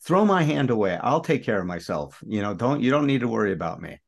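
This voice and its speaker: A man's voice: fairly low pitch, sing-song, fast talker, vocal fry. Earnest middle-aged man telling his story. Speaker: podcast co-host in recovery. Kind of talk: personal recovery talk.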